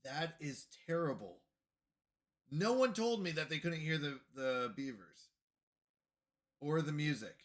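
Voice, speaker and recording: A man's voice: fairly high pitch, expressive, a little slow, long pauses. A man livestreaming a game, talking casually to his chat in a flustered, apologetic way and repeating himself. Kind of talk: casual live gaming stream chat.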